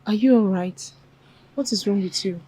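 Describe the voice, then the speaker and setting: A woman's voice: mid-range voice, moderate pace, dark tone, slightly rough, lightly acted, rough recording. An actress with a Nigerian accent playing a young palace maiden who keeps coaxing her friend. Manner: persistent, coaxing. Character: young female palace maiden, prying and caring.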